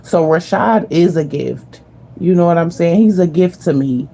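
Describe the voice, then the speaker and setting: Gravelly-voiced woman gushing to viewers. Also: on the low side, normal speed, warm tone. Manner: emphatic, repeats phrases, addresses viewers directly; slangy and spiritual. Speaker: vlogger. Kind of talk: casual heartfelt talk to viewers.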